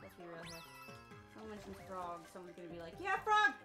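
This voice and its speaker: A woman's voice: lowish voice, steady tone, fast, over music. A woman streamer giving playful, chatty live gameplay commentary with silly asides.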